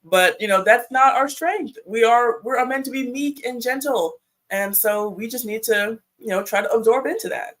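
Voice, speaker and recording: A woman's voice: on the high side, normal speed, poor audio. Woman, panel guest, chatty, casual, lots of fillers. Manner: chatty storyteller with many fillers.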